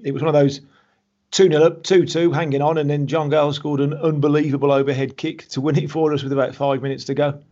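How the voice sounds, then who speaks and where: Ex-footballer guest in his fifties, husky, friendly and relaxed, over a dull remote line. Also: a little high. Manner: friendly, banter, repeats words when starting. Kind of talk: casual interview chat.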